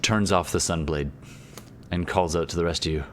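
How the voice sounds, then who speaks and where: A man's voice: sits low, steady tone, moderate pace, fairly bright tone, slight background noise. A man narrating as game master, meandering with many restarts.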